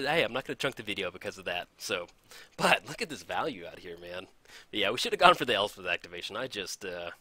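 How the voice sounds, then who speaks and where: Casting note: a man as a chatty, laugh-prone game commentator, bright tone, animated pitch. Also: no echo. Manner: excitable, laughs often, chatty and self-deprecating. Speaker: gameplay commentator. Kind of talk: casual card game commentary.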